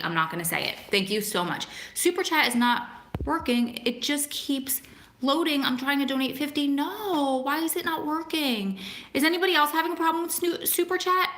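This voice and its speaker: A young woman with a high, bright, forceful voice hosts a casual livestream for prison families, recorded in an echoey room. She chats with viewers by name and reads aloud to them.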